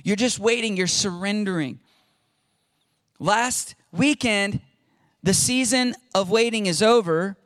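Animated, high-voiced male pastor. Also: slow pace, long pauses, no room sound. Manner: animated storytelling, conversational, repeats words. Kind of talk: sermon.

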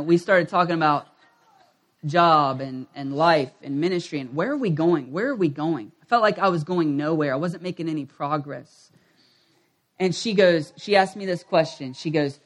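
A man pastor with a notably high-pitched voice delivers a sermon. He talks like he is sharing a story with friends, checking in with the congregation through questions as he goes. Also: normal speed. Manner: conversational storytelling, asks the audience questions.

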